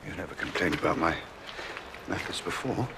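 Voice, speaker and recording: A man's voice: low-pitched, animated, brisk, creaky, background noise. An actor playing an eccentric, evasive male detective who speaks in a dry, offhand murmur, in period film dialogue. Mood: wry, evasive. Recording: film soundtrack with music underneath.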